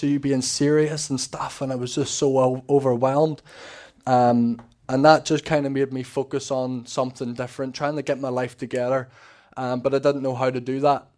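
A man tells his own story in a loose, conversational way, acting out the lines of the people in it. His voice sits at an ordinary middle pitch, and his intonation stays fairly level even when he is excited. He sounds earnest and unpolished as he wanders through the story. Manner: rambling and earnest, acting out remembered dialogue. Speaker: speaker giving a personal testimony.

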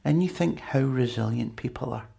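Guy preaching, gravelly husky voice, chatty asides to the crowd. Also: mid-range voice, normal speed, warm tone. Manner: conversational, chatty with asides to the congregation. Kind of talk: sermon.

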